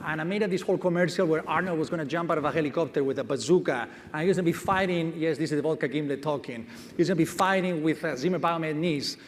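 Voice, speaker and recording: A man's voice: on the high side, quick pace, few pauses, slight background noise. A man, a company chief executive, telling a self-deprecating story on a conference stage. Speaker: medtech company CEO. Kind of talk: onstage anecdote telling. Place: large conference hall stage. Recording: reverberant conference hall.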